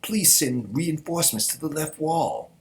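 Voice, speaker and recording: A man's voice: a little high, animated, unhurried, voice pushed up. A man reading as an anxious male aide pressing his lord to send reinforcements, in a raised voice.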